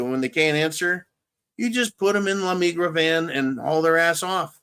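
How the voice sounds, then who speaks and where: Male host, slightly high voice, blunt and profane, rambling political commentary. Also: unhurried, fairly bright tone, clean tone. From California, USA. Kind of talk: political commentary, answering viewer questions.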